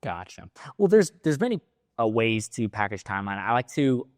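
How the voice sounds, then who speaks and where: A man's voice: on the low side, big pitch swings, normal speed, darkish tone, dry recording, studio quality. A man co-hosting a casual discussion, asking questions and adding his own sales tips.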